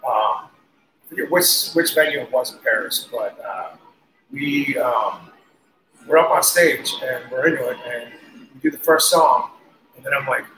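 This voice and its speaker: A man guest on an interview, telling casual, animated stories with laughs and cursing. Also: medium pitch, a little slow. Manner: animated, laughing, swears freely. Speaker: guest musician. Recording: roomy echo, faint noise.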